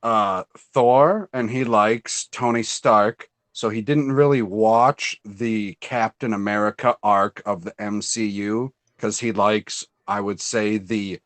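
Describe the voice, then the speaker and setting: Man, casual chat host, excitable storyteller, swears freely. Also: lowish voice, takes it slowly, few pauses, dry recording. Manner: animated storyteller, acts out quotes in a raised voice.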